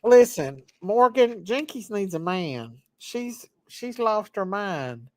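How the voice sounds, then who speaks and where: A woman's voice: medium pitch, expressive, takes it slowly, a little mellow. A woman hosting a casual livestream, teasing her friends and thanking viewers. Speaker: livestream host. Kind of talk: casual group livestream chat.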